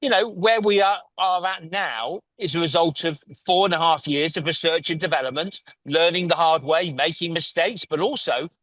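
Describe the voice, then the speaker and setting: A man's voice: on the high side, moderate pace, hardly any pauses, fairly bright tone, a little hiss or hum. An English man, a company founder, talking earnestly in a remote interview and often restarting his sentences. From England. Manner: earnest, restarts and repeats words. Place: lives in Italy, remote call.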